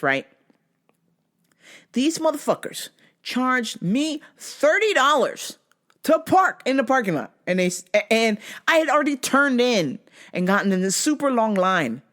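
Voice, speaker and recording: A woman hosting a podcast, telling stories in a casual, profane way and acting out what people said. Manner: profane, animated, acts out quotes in a higher voice. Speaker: podcast host. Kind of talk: casual storytelling monologue.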